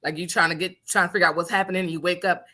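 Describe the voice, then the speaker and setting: A woman co-hosting a radio show, telling a story in casual chat, animated and swearing, laughing often and acting out what people said. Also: on the low side, very fast. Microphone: studio microphone.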